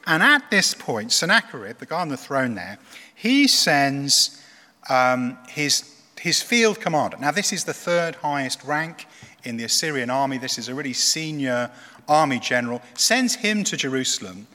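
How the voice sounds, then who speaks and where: A man preaches in a church, telling the story with a conversational, animated manner. His voice is bright and swings widely in pitch. Long reverb from the church hall trails behind him. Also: normal speed. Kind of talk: sermon.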